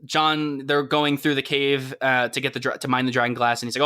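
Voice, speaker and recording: A man's voice: mid-range voice, level tone, moderate pace, few pauses, bright, forceful tone, clean tone. A man co-hosting a podcast, talking casually and rambling, acting out characters' reactions as he goes. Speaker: podcast co-host. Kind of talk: casual chat.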